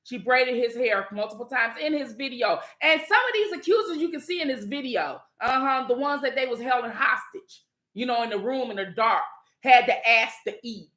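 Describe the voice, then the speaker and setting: A woman's voice: on the high side, animated, normal speed, fairly bright tone, echoey room. A woman giving a blunt, profane commentary monologue straight to her viewers. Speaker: channel host.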